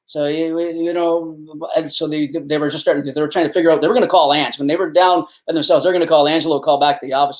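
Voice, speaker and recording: Canadian guy in his middle years rambling thru a story, kinda high voice, lots of restarts. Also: steady tone, a little fast. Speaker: guest, fishing show host. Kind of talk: casual storytelling.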